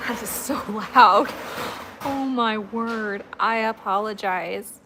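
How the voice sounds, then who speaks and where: A woman's voice: medium pitch, slow pace, background noise. A woman hosting a casual livestream at home, chatting to viewers and talking fondly to her dogs. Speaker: livestream host.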